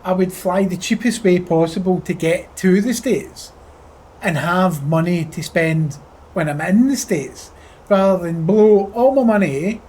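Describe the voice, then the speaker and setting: Slow, husky Scottish man bantering. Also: sits high, darkish tone. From Scotland. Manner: crude, profane joking banter with chat. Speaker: flight sim streamer. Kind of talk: casual live-stream chat.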